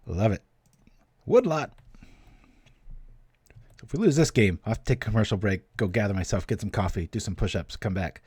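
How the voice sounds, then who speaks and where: Low-voiced guy talking thru his card game, chatty, dry close mic. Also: animated, moderate pace, long pauses, darkish tone, husky, dry recording. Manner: chatty, self-talking, cracks small jokes. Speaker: gaming channel host. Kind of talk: casual gameplay commentary.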